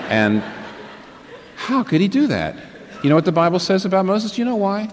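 A man's voice: high voice, sing-song, normal speed, long pauses, a little hiss or hum. A man preaching a sermon to a live congregation, emphatic and fond of rhetorical questions that he answers himself. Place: large church hall with a live congregation. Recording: long reverb in a large hall.

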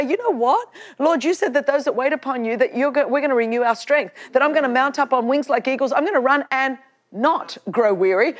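Australian female preacher in her fifties, high-pitched, energetic and playful. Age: 50s. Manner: animated, joking, with frequent laughs. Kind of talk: lively sermon to a live audience.

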